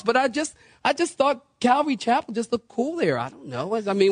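Lively high-voiced male preacher. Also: normal speed, few pauses, no room sound. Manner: animated, joking, acts out quoted people; calls for responses from the congregation. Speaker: pastor. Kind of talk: sermon.

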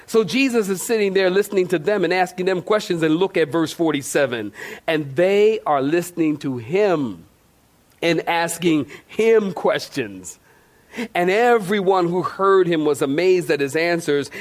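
Brief: man with a fairly high voice, pastor mid-sermon, animated storyteller, playful church delivery. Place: church sanctuary.

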